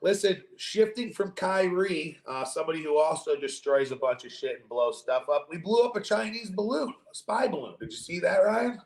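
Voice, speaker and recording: A young man hosting a podcast in casual chat, animated, jokey and swearing freely. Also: high-pitched, normal speed, few pauses. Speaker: podcast host. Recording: roomy echo.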